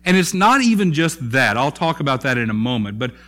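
A man preaching a sermon in a conversational way, often pausing with fillers and restarting his phrases. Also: mid-range voice, very animated, fairly bright tone. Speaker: pastor.

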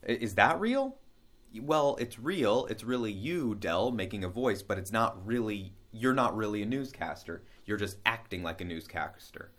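A man vlogging a casual monologue, musing aloud in a rambling, animated way. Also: fairly low pitch, moderate pace.

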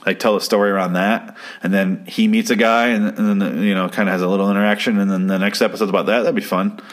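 A man with a fairly low voice rambles through an offhand recap of a TV episode. He swears freely and picks at details with dry sarcasm. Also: steady tone, quick pace. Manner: profane, sarcastic nitpicking. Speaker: commentator reviewing a TV episode. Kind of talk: casual chat.

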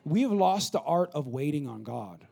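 Male pastor, thirties, mellow warm tone, slightly high voice, conversational sermon, repeats phrases in fast building runs. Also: big pitch swings, vocal fry. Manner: conversational preaching, builds to rapid repetitive crescendos.

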